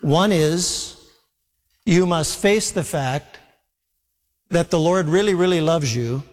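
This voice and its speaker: Male pastor, earnest preaching style, somewhat high pitch, recorded with lingering church-hall reverb. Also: slow. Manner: earnest preaching, voicing Jesus' words to Peter in quotes. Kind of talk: sermon.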